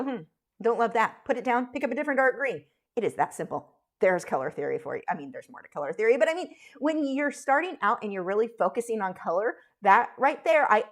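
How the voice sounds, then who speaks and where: A woman chatting casually while teaching a live drawing stream, frank and talkative, with frequent fillers and restarts. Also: a little high. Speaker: art instructor streaming live.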